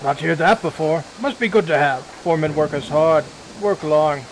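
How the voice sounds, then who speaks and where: Brief: a man playing a surly orc worker, gravelly, loud and blunt, broken speech. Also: on the high side, normal speed, a little hiss or hum, natural voice, poor audio. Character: downtrodden male orc factory laborer, blunt.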